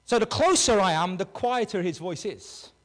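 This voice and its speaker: High-voiced man preaching in a reverberant hall. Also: moderate pace. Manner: animated preaching, swinging between loud and hushed. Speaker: pastor. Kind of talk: sermon. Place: church hall with a congregation.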